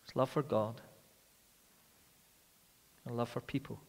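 A man preaching a sermon with dramatic rhetorical questions, rising loud and falling quiet. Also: medium pitch, steady tone, slow pace, vocal fry. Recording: long hall reverb.

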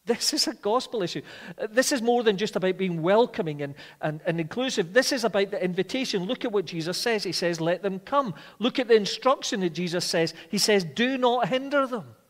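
A male preacher delivering a sermon with a fairly high voice. He hammers his points home, then drops to a hush before rising again. The sound carries a long reverb from a large hall. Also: expressive, fairly quick. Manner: emphatic, swings between loud declarations and quiet reflection.

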